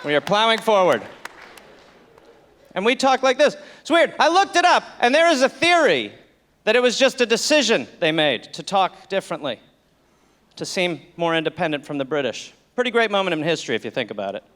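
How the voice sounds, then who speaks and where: A man with an American accent performing an animated, jokey stand-up set on a festival stage. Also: high-pitched, a little fast. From United States. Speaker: stand-up comedian.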